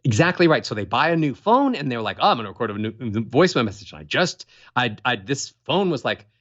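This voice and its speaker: A man's voice: mid-range voice, sing-song, quick pace, a bit bright, lo-fi sound. A man speaking as a voice coach guest in an interview, demonstrating voices and melodies as he explains. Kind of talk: animated interview talk.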